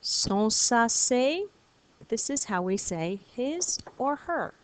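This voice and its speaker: A woman French teacher giving a recorded video lesson, patient and encouraging, repeating words slowly for her students. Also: a little high, big pitch swings, clear, resonant tone.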